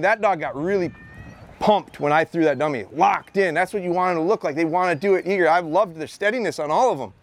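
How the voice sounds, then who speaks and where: A man in his thirties teaching a dog training class outdoors on a mowed field, coaching handlers and often repeating his words as he gives instructions. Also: high-pitched.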